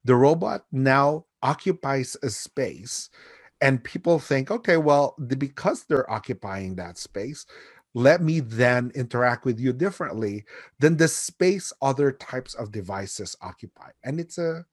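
A man talks as a guest from home, thoughtful and unhurried, with frequent chuckles. His voice sits at an ordinary pitch for a man. The sound is dry, with no room echo. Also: expressive, slightly rough. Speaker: guest expert. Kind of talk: casual conversation.

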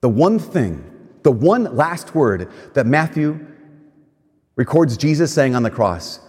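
A man delivers a sermon with a husky, breathy edge to his voice. His pitch rises and falls in lively swings as he reads scripture with dramatic pauses. The sound carries the long reverb of a large hall. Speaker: preacher.

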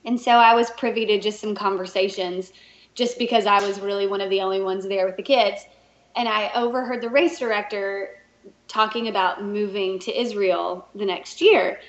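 A woman co-hosting a talk show, telling a story in a casual, animated way and laughing often. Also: medium pitch, moderate pace. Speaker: podcast co-host and race director. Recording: echoey room, dull lo-fi sound.

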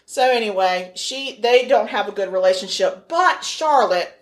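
A woman's voice: mid-range voice, lively intonation, normal speed. A woman hosting a casual true-crime chat, joking and laughing often. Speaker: podcast host.

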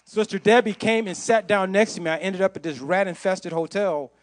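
An impassioned man shares his testimony before a congregation. His voice sits a little high, and he drives his points home by repeating phrases. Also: a little fast. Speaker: church speaker giving testimony. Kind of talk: sermon testimony.

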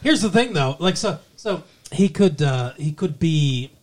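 Wry rambling speaker with a lively voice. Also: medium pitch, measured pace, slight background noise. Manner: wry, rambling, full of asides and fillers. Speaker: co-host reading personal ads. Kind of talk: casual comedic podcast chat.

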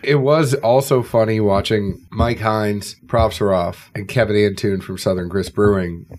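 Low-pitched guy cohosting a podcast, just chatting, telling stories. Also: fairly even intonation, measured pace, a little mellow. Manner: chatty, tells anecdotes. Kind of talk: casual chat.

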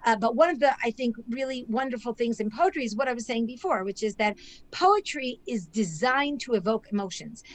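A woman's voice: fairly high pitch, poor audio. A woman scholar and author, a guest on a podcast interview, explaining in a lecturing way and often checking in with "right?". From not Israel; immigrated there.

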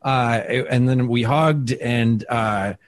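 Chatty comedian telling a story. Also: male voice, mid-range voice, takes it slowly, dry recording. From Wisconsin, US. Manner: animated, full of "he's like" quotes and fillers. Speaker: comedian guest. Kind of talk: casual storytelling in an interview.

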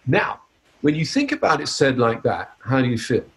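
Animated man teaching. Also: mid-range voice, brisk, gravelly. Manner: animated, upbeat, playful. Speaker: hypnotist giving a seminar. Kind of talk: live teaching demonstration.

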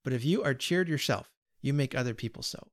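A man's voice: mid-range voice, animated, brisk, close to an everyday voice. A man reading aloud, voicing a talkative, earnest male burglar who pleads and explains himself with odd cheer. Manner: earnest, pleading, lightly pompous.

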